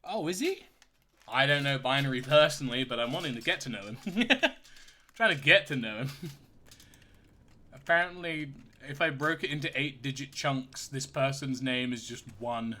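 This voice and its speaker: Bright-voiced joking male streamer. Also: mid-range voice, moderate pace. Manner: jokey, swearing, laughs often. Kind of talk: casual gaming commentary.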